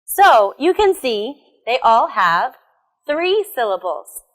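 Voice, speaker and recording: An American woman teaching English pronunciation, enunciating words slowly and carefully and encouraging learners with questions. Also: fairly high pitch, big pitch swings. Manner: slow, careful enunciation with repetition. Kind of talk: pronunciation lesson.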